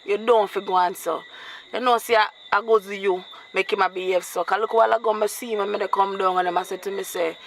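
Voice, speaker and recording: A woman's voice: medium pitch, steady tone, brisk, gravelly, slight background noise. A woman with a Jamaican accent, talking earnestly in a comedy sketch.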